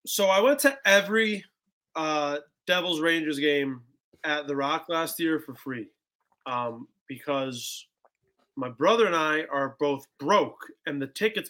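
Animated young man, bright voice. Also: a little high, measured pace. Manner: animated, acts out quotes, heavy "like" and "bro". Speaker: podcast guest. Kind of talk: casual storytelling.

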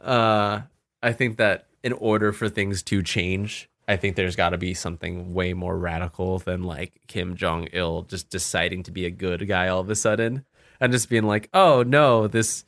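Excitable, laughing podcast storyteller man. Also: sits low, moderate pace, no echo. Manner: excitable storyteller, swears freely, laughs often. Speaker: podcast co-host. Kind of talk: casual podcast chat.

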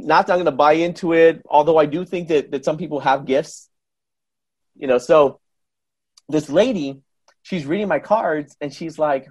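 A man in casual conversation telling an animated story, acting out the people in it. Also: fairly high pitch, normal speed, slightly rough. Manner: animated, acts out voices in anecdotes. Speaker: guest.

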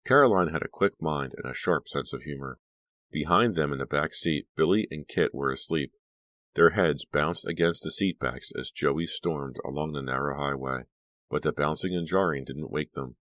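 A man narrating a young-adult horror audiobook in an even, measured reading. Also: extremely low pitch, no echo.

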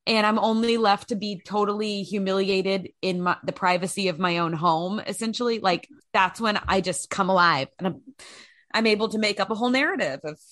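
A woman's voice: medium pitch, brisk, fairly bright tone, no echo, studio quality. A woman co-hosting a casual chat, self-deprecating and rambling with restarts. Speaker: podcast co-host.

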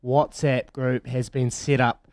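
A man's voice: medium pitch, flat delivery, takes it slowly, a little mellow, dry recording. A New Zealand man in his thirties hosting a breakfast radio show, chatting casually with matey slang and frequent laughs, on a studio microphone.

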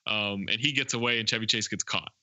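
A man co-hosting a podcast talks through a film's plot in a loose, rambling way, full of fillers and restarts. His voice is very bright and forward. The sound is dry and close, with no room in it. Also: fairly low pitch, quick pace, no room sound. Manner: rambling scene-by-scene retelling with many fillers. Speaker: podcast co-host. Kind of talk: casual movie recap chat.

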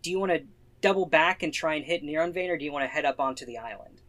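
A man's voice: fairly high pitch, racing, a bit bright. A man narrating as game master for a tabletop game, casual and laid-back.

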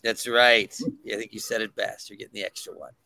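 A man's voice: on the low side, steady tone, a little fast, vocal fry, bright, forceful tone, no room sound. A man, a comic creator, talking enthusiastically about his project as a podcast guest, with lots of ums and restarts. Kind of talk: casual podcast chat.

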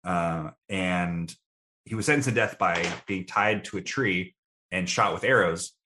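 A man's voice: low voice, unhurried, sharp tone, slight background noise. A young adult man answering interview questions in a casual, thoughtful, self-deprecating way. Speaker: guest.

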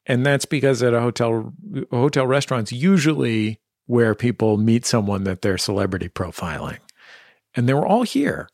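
A man's voice: mid-range voice, animated, normal speed, a little mellow, dry recording, clean studio sound. A man interviewing a guest in a curious, casual manner, peppered with fillers. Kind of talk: conversational interview.

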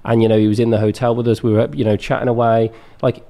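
A man's voice: mid-range voice, little pitch movement, fast talker, mellow. A young man, a business founder, talking earnestly and enthusiastically as a podcast guest. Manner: earnest, enthusiastic, many restarts. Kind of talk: casual podcast interview.

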